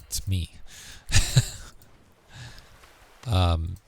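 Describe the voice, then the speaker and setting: A man's voice: low voice, drawn-out words, creaky, slight background noise. A man chatting casually to his viewers while playing a game, rambling with lots of fillers and muttering to himself. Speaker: streamer. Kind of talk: casual gaming livestream chat.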